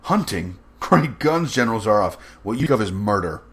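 A man's voice: on the low side, big pitch swings, brisk, pitched above the performer's own voice. A man voicing an earnest, indignant young hunter with a heated manner.

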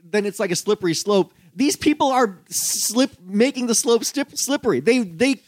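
A man's voice: high voice, animated, normal speed, no echo. A man co-hosting a casual podcast, blunt and profane, stumbling over restarts. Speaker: podcast co-host.

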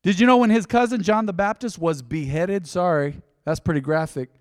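A man's voice: high voice, moderate pace, studio quality. Folksy male pastor in a reverberant hall. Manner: folksy and conversational, acting out little dialogues. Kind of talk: sermon.

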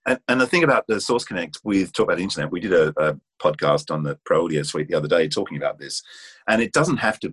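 A man on a video call, giving relaxed, practical advice about recording gear. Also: low-pitched, husky. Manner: relaxed, practical, plain-spoken. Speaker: voice-over panel host. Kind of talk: webinar Q&A advice.

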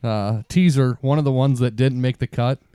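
Smooth-voiced man, casual podcast chat. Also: medium pitch, normal speed, warm tone, no echo, clean studio sound. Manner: laid-back, lists dares matter-of-factly. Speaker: podcast co-host.

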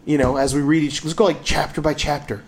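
A man co-hosting a podcast in casual chat, jokey and quick to laugh. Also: fairly high pitch, crowd noise. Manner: jokey, laughs often, animated. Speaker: podcast co-host. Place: home.

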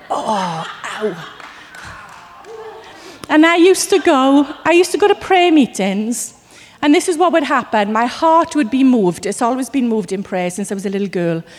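A woman from Wales preaching a sermon, telling stories with lively acted asides. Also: a little high, long reverb tail. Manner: animated storytelling with acted asides.

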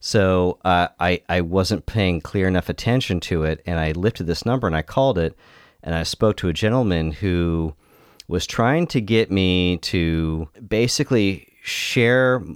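Deep-voiced man in a relaxed chat. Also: measured pace, clean tone, no echo, studio quality. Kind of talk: casual conversational chat.

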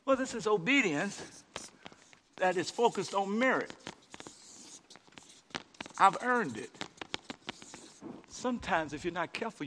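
A male pastor preaching a sermon, calling out to the congregation and swinging from shouted lines to hushed near-whispers. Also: high-pitched, a little hiss or hum. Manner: calls out to the congregation.

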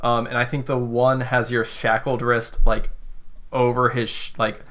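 A game master narrates the scene of a tabletop game. The talk is halting and full of fillers. The pitch sits in the middle of the usual range. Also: little pitch movement, fairly bright tone. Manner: hesitant, many fillers.

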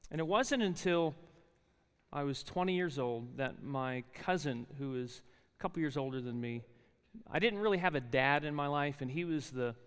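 A man's voice: medium pitch, clear, resonant tone. A man in his forties with a New Jersey accent, telling his life story in a university chapel sermon, talking with many fillers and restarts. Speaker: chapel speaker. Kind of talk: sermon with personal testimony. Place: large university chapel hall. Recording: reverberant hall.

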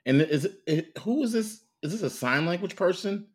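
A man's voice: high voice, expressive, normal speed, slightly rough. A man co-hosting a podcast, talking in a blunt, incredulous, profane way. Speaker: podcast co-host. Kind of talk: casual chat.

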